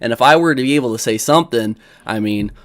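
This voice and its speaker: A man's voice: medium pitch, fast, fairly bright tone. A young man hosting a livestream, rambling, laughing often and defending himself in an argument. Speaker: livestream host. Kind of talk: casual livestream commentary.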